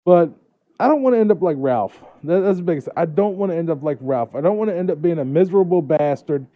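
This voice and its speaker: A man's voice: fairly high pitch, animated, quick pace, dry recording. A man talking about his frustrations in a complaining way. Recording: tinny phone-like audio.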